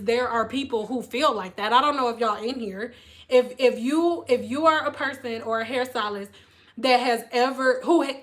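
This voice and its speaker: A woman's voice: sits high, fairly bright tone. A woman in her thirties, a former hairstylist, talking bluntly to her viewers on a phone livestream, swearing freely and repeating phrases for emphasis. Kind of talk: candid livestream chat with viewers. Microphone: phone camera.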